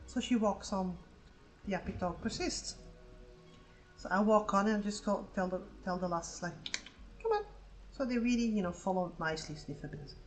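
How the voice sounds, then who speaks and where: A woman livestreaming while drawing, telling a sarcastic, swear-filled story in a casual, animated way. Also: medium pitch, moderate pace, faint music behind, rough recording. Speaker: livestreaming artist.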